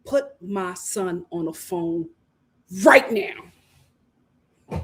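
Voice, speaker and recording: A woman voicing a stern mother who scolds her grown son over the phone in slow, firm commands. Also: on the low side, lively intonation, fairly bright tone, pitched below the performer's own voice, exaggerated voice.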